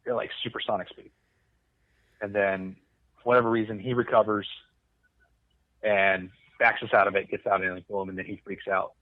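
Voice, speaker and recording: Man, low voice, rambling profane storyteller, tinny phone-like sound. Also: little pitch movement, moderate pace, pauses often, dry recording. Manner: rambling, profane, restarts often. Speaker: podcast guest, Coast Guard veteran. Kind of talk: conversational storytelling.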